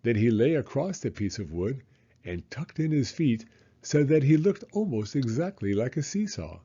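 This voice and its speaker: A man reading a children's storybook aloud in an expressive, dramatic way. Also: medium pitch, normal speed, slightly rough, dull audio.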